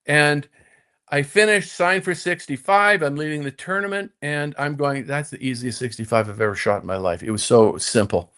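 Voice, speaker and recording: An older man spins a long story from his playing days, his pitch jumping up and down as he acts out what he told himself. He stumbles into restarts, repeating "and, and" before surging forward again. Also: normal speed, pushed and bright, clean tone. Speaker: guest, former tour golfer. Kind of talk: storytelling in casual conversation.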